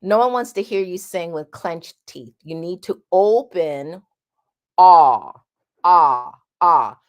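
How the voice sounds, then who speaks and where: A woman teaching a singing lesson, speaking directly and bluntly, and breaking off to sing drawn-out vowel sounds as demonstrations. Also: on the low side, animated, darkish tone. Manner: sings vowel demonstrations between explanations.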